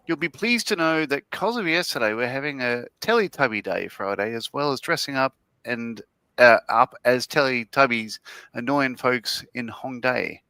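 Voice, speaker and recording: A man reads viewer comments aloud during a laid-back model-painting session, chuckling and wandering off on asides. His voice is bright and swings up and down a lot. The sound is close and dry, with no room around it. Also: mid-range voice, animated, moderate pace, clear, resonant tone, no echo. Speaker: co-host reading chat. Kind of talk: casual chat while model building.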